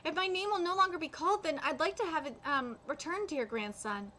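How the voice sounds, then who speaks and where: A woman reading the part of a wistful ancient spirit aloud, broken by fillers and pauses. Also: sits high, lively intonation, bright, forceful tone. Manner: read aloud with hesitant fillers.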